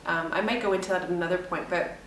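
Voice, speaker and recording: A young woman talks to her camera in a rambling, emotional way that often breaks into laughter. Her voice sits at a middle pitch and comes from a little away from the mic. The room gives it an echo, with a faint hum underneath. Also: steady tone, quick pace, fairly bright tone, far from the mic. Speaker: vlogger. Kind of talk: casual chat.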